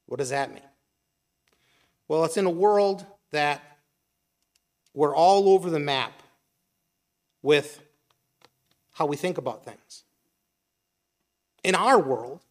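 A man's voice: fairly high pitch, lively intonation, slow, pauses often. A middle-aged man giving a conversational sermon, asking rhetorical questions and briefly acting out imagined voices. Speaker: preacher.

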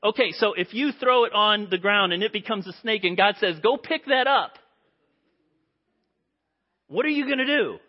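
A man preaches a sermon in a fairly high, husky voice, acting out the story's voices with lively delivery. The recording is dull and lo-fi. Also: a little fast, few pauses. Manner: animated storytelling, acts out quoted voices.

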